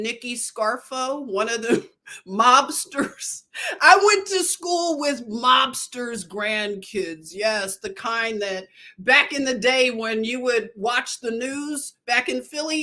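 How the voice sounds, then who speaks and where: Chatty Philly woman, slow and digressive. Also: sits high, pushed and bright. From Northeast Philadelphia. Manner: chatty, digressive, loses her thread. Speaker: nurse livestreamer. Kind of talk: casual livestream storytelling.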